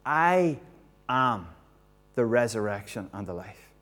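A male preacher voicing Jesus in a retold Bible story, solemn and slow. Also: medium pitch, animated, darkish tone. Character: calm commanding male teacher, Jesus.

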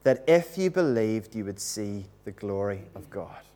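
A male preacher voicing Jesus in a retold Bible story, solemn and slow. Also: lowish voice, animated, dark tone, pitched below the performer's own voice. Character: calm commanding male teacher, Jesus.

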